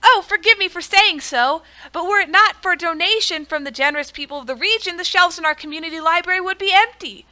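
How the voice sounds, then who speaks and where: A woman's voice: very high voice, quick pace, hardly any pauses, bright, forceful tone, voice pushed up, full character voice. A woman voicing a polite, earnest librarian in a game, speaking formally and pleading.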